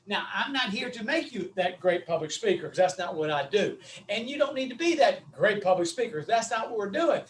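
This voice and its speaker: A middle-aged man with a Southern US accent giving a folksy, animated webinar lecture, calling his audience his friends. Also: high-pitched, a little fast, distant mic, a little hiss or hum, low-quality recording. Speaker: webinar speaker on vocal delivery.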